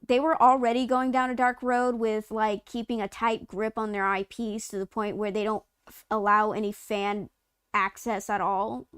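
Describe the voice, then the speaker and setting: A woman's voice: mid-range voice, little pitch movement, moderate pace, a bit bright, clean tone, no echo, clean studio sound. Rambling woman on a gaming news stream. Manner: rambling, many fillers and restarts. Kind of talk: casual chat.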